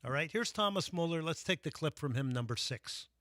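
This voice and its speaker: A man's voice: a little high, lively intonation, fairly quick, fairly bright tone, slight background noise. A man hosting a sports radio show, talking casually with frequent fillers and restarts. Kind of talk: casual sports talk monologue.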